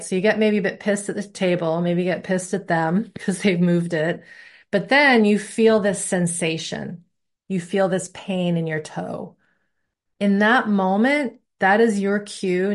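Woman teaching a relaxed body-awareness class. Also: on the low side. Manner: conversational, explaining with everyday examples. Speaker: somatic teacher.

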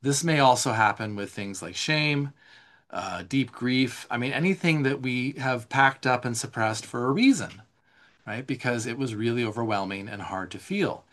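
A man's voice: medium pitch, moderate pace, fairly bright tone. Man teaching a loose live workshop. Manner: conversational, loose, with frequent "like" and restarts; talks a worksheet through line by line. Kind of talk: live online teaching session.

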